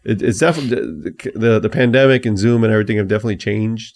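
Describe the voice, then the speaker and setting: A man with a low, gravelly voice talks as a guest attorney on a podcast. He sounds relaxed and easygoing and often restarts his sentences mid-thought. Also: racing. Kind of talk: casual conversation.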